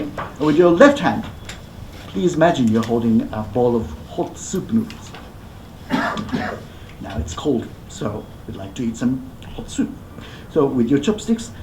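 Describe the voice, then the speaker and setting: A rakugo performer who leads a live audience through gestures in a playful, coaxing way, giving step-by-step instructions. The delivery is very lively in pitch and is heard in an echoey hall. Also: a little hiss or hum.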